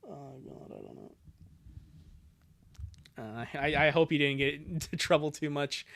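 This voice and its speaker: A woman's voice: deep voice, very animated, measured pace, creaky, a bit bright. Giggly young woman streamer. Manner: giggly, chatty asides. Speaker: streamer and fan dub reader. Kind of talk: casual livestream chat.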